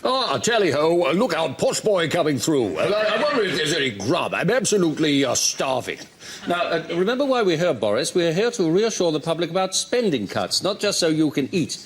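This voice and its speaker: A man's voice: a little high, sing-song, a little fast. A man improvising voiceover impressions of posh, greedy, boastful British male politicians. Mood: blustering. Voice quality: plummy, blustering. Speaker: comedy panelist. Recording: noisy studio with audience laughter.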